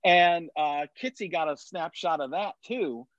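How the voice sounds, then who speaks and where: A man's voice: fairly high pitch, a little slow, a bit bright, no room sound. Rambling middle-aged man, dull sound. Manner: rambling storyteller with many restarts and fillers. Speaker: podcast guest. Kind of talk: casual chat.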